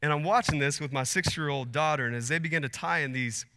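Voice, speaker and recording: Speaking fast with a slightly high, bright and forceful tone, a man in his thirties delivers an earnest sermon as pastor that climbs to emphatic high points. A long reverb from the hall surrounds his voice.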